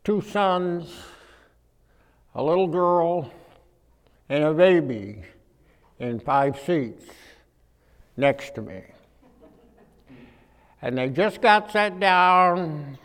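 A man preaching a humorous storytelling sermon, animated, acting out voices and swinging from quiet to loud. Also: a little high, very slow, long pauses. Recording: echoey hall.

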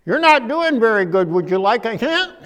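A man voicing a chatty little girl on a plane, high, bubbly and insistent. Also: very animated, moderate pace, fairly bright tone, in a large hall, full character voice. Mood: playful.

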